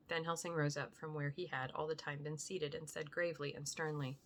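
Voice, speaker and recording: A woman's voice: sits low, fairly even intonation, moderate pace, hardly any pauses, bright, forceful tone. A woman reading a classic novel aloud and then chatting casually, hesitant with fillers. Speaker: audiobook reader and podcast host. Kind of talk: audiobook narration then casual chat.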